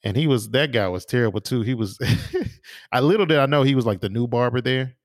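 A man co-hosting a podcast, telling stories in a relaxed, casual way with lots of fillers and restarts. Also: mid-range voice, brisk, no echo, clean studio sound. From small town in the US. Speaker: podcast co-host. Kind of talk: casual chat.

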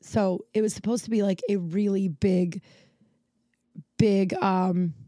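A woman in her thirties talks alone into a home podcast mic, rambling and restarting her sentences, full of fillers. Her tone is mellow and relaxed, a bit tired, and the recording sounds dry and close. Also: mid-range voice, takes it slowly, dry recording. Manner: rambling, filler-heavy, self-interrupting. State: tired, yawning. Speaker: podcast host. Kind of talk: casual solo chat. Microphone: home recording setup.

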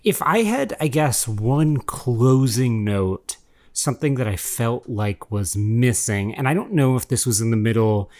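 A man's voice: mid-range voice, animated, measured pace, darkish tone. A man co-hosting a comedy podcast, giving rambling, hesitant feedback in casual banter. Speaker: podcast co-host.

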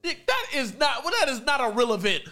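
A man's voice: very high voice, big pitch swings, brisk, bright, forceful tone. A man co-hosting a live stream in casual chat, joking, laughing a lot and swearing freely. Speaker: stream co-host.

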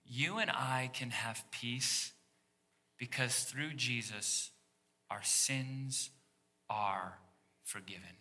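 Male pastor, very bright ringing tone, lively sermon delivery that sinks to a hush for emphasis, speaks to the congregation directly. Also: medium pitch, extremely slow, pauses often. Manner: animated, dropping to a hushed near-whisper for emphasis.

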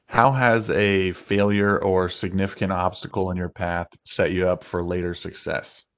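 A man's voice: low voice, fairly even intonation, moderate pace, clean tone. A male podcast host in a casual interview, chatty and friendly, asking reflective questions. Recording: slightly dull, lo-fi sound.

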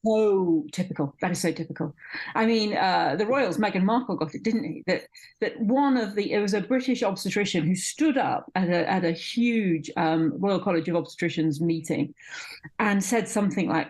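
A woman's voice: mid-range voice, moderate pace, darkish tone. A middle-aged woman who teaches midwifery, speaking in an interview with passion and emphatic repetition. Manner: passionate, emphatic, repeats words when stressing a point. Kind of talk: conversational interview.

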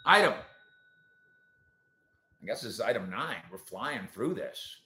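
Sports host guy reading chat comments, sarcastic, loud then mumbly asides, kinda echoey room. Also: a little slow, a little hiss or hum. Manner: animated, sarcastic, swings from loud to low asides. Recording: roomy echo.

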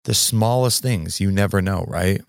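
A man hosting a podcast with a low, gravelly voice, recorded close and dry. He speaks reflectively, circling back and restarting his sentences as he thinks aloud. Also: normal speed, no room sound. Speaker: podcast host. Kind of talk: casual conversation.

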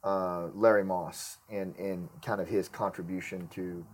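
A man's voice: deep voice, flat delivery, a little slow. A man hosting a podcast interview, asking rambling questions that correct themselves as he goes. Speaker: podcast host. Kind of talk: casual interview chat.

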